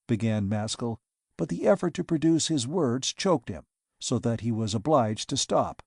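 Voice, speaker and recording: A man reading an audiobook of a novel, with a steady, measured literary delivery. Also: medium pitch, no room sound, clean studio sound. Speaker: audiobook narrator. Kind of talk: scripted narration.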